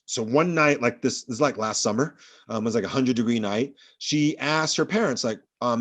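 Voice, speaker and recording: A man's voice: mid-range voice, moderate pace, fairly bright tone. A male professor giving a rambling, anecdotal classroom lecture full of fillers.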